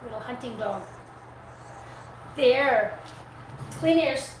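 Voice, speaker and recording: A woman's voice: fairly high pitch, expressive, slow pace. A woman hosting a live stream as a dog groomer, chatting casually with viewers and cooing at the dog she works on, recorded on the device's own mic indoors. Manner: chatty, coos at the dog between talking to viewers. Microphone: device mic, her own mic not set up. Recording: echoey room with background noise.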